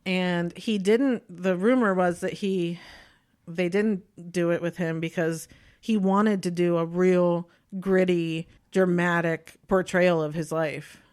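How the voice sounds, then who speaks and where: A woman's voice: on the low side, takes it slowly. Chatty opinionated woman podcast host. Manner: animated, opinionated, laughs often. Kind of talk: casual chat.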